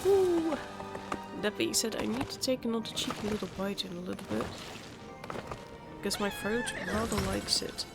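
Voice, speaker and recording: A woman hosting a gaming channel gives casual let's-play commentary, chatting candidly and muttering asides while nursing a sore throat. Her mid-range voice is creaky, at a moderate pace with long pauses, heard over music.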